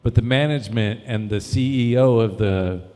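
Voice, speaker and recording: A man's voice: medium pitch, mellow. A man, a comedian, chatting casually and playfully telling a story to fellow comics. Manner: quick, playful, tells stories loosely. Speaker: comedian, discussion host. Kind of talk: casual group chat. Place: brewery event space. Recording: echoey hall with long reverb.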